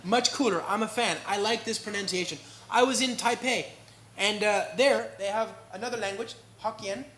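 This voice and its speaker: A man with an American accent giving a live tech talk at a meetup, energetic and joking, often checking in with the crowd. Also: high-pitched, moderate pace, reverberant. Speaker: conference speaker. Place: indoor meetup venue.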